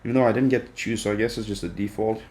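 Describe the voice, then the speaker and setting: A young man filming a casual unboxing, excitable and swearing often, jumping between hushed whispers and squeals. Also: fairly low pitch, rapid-fire, a little hiss or hum. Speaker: vlogger.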